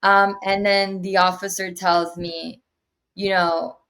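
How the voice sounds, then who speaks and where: A young adult woman, an interview guest, retelling a personal story in an animated way and acting out what others said. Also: fairly low pitch, measured pace, creaky. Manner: animated retelling with acted quotes.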